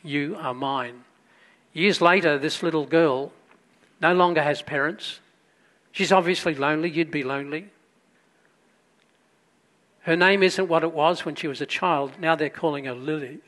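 A man delivers a sermon as pastor. His voice sits fairly high for a man. He tells the story with rising emphasis and drops into quieter asides. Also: fairly even intonation, moderate pace, long pauses.

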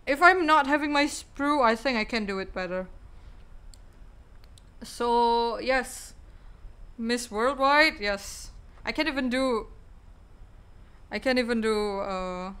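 A woman's voice: fairly high pitch, slow pace, long pauses, fairly bright tone, clear, resonant tone. A young woman with an Indonesian accent, a game streamer chatting casually and rambling through her sign-off, repeating words and goodbyes.

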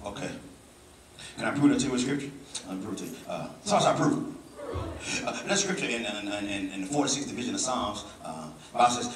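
A man preaching a sermon as pastor with a Southern US accent, swinging from low talk to shouting and calling on the congregation to answer. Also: big pitch swings, fairly quick, pauses often. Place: church sanctuary. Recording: roomy church sound from a distance, music behind.

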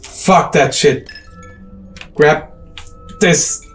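A man's voice: a little high, extremely slow, distant mic, soft background music. Scared young man swearing through a horror game. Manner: frightened, swearing, exclaiming. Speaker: gaming streamer. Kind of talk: casual gameplay commentary.

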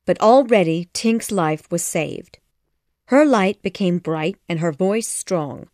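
A woman narrating a children's classic audiobook in a measured, expressive storytelling manner. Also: on the low side, no echo, clean studio sound.

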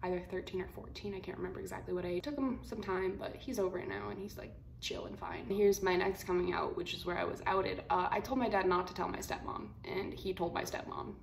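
A woman's voice: medium pitch, a little fast, gravelly, hardly any pauses. Blunt, slangy twenty-year-old woman in a roomy room. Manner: blunt, slangy, animated retelling. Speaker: vlogger. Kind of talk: casual storytelling to camera. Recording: roomy echo, faint room hum.

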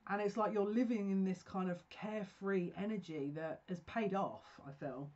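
A woman leads a pick-a-card tarot reading, gushing and emotional as she spills out her thoughts in quick restarts. Her voice sits at an ordinary middle pitch. The audio is dull and lo-fi. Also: a little mellow.

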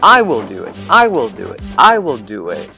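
A man's voice: medium pitch, huge pitch swings, moderate pace, creaky, sharp tone, exaggerated voice. A man voicing a small, cheerful and helpful steam engine, speaking eagerly. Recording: background music.

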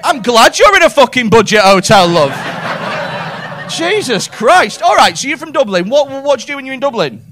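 Excitable high-voiced man. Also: fast talker, few pauses, some chatter behind, a little hiss or hum. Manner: sweary, excitable, laughing at own jokes. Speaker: stand-up comedian. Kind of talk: crowd work. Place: comedy club stage.

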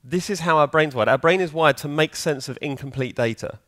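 A man's voice: a little high, fairly quick, a bit bright, dry recording, studio quality. A man giving a conference talk in a conversational way, often putting questions to the audience. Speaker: conference speaker. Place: conference hall.

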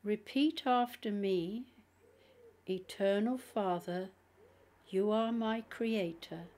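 A woman reading aloud and voicing a male exorcist priest who speaks softly and firmly. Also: mid-range voice, takes it slowly, natural voice. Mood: hushed firm.

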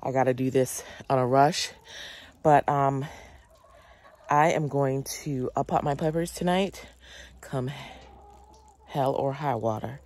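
A woman's voice: very deep voice, slow pace, long pauses, darkish tone. A woman, chatting casually in a gardening vlog and a little out of breath. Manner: chatty, lots of fillers and "y'all". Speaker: gardening vlogger.

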